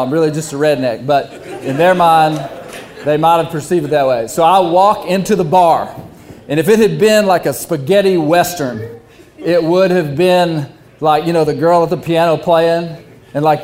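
A middle-aged man, telling a funny story to a live crowd, animated and self-deprecating, acting out the voices of others. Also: fairly high pitch.

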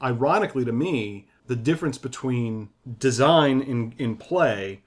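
A man in his middle years co-hosts a podcast about game design. He thinks aloud, circling back and rephrasing mid-sentence. His pitch sits at an ordinary middle for a man. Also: lively intonation, measured pace. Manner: thinking aloud, frequent restarts and self-corrections. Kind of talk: casual design discussion.

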